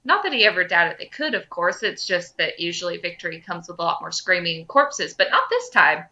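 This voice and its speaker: A woman podcast host reading fan fiction aloud with lively expression. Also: fairly low pitch, a little fast. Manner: lively, breaks into laughter.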